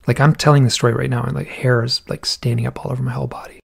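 Gravelly husky guy spinning a story, gets animated acting out people. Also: mid-range voice, rapid-fire. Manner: animated storyteller, acts out quoted people in a raised voice. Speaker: podcast guest. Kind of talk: storytelling in casual conversation.

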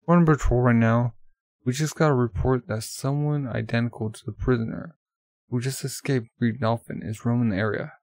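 Stern comic-book cop, commanding and loud, gravelly, read by a man. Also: mid-range voice, fairly even intonation, brisk, no room sound, close to an everyday voice. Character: stern male police officer on patrol.

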